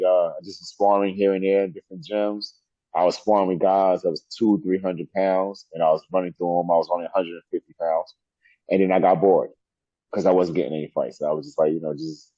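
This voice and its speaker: Deep husky man telling stories. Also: no echo. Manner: animated storyteller, laughs often. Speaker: wrestler guest. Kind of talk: storytelling interview. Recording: dull lo-fi sound.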